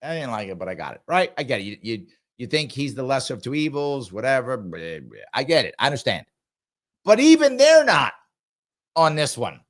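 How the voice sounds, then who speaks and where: A man's voice: mid-range voice, big pitch swings, brisk. Emphatic middle-aged man hosting. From New York. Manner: emphatic, repeats points for effect. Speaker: talk show host. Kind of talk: live political commentary.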